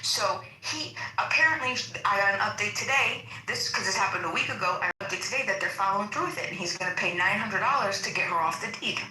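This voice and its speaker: A woman's voice: medium pitch, fast talker, few pauses, sharp tone, roomy sound, slight background noise, low-quality recording. A woman in casual chat, telling a friend's relationship story with many restarts.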